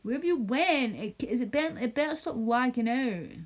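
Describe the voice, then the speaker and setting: A woman's voice: fairly high pitch, animated, moderate pace, lo-fi sound. Rambling, swearing woman livestreamer. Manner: rambling, profane and mocking. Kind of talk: casual livestream rant.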